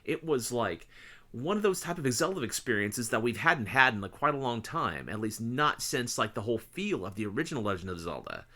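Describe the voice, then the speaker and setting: A man co-hosting a casual podcast, rambling through excited stories and swearing freely. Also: mid-range voice, fairly quick. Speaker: podcast co-host. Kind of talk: casual chat.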